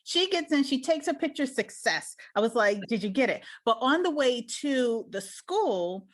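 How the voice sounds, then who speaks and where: Animated woman telling a story. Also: a little slow. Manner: animated, acts out quotes in higher voice. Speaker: podcast guest. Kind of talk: casual storytelling chat.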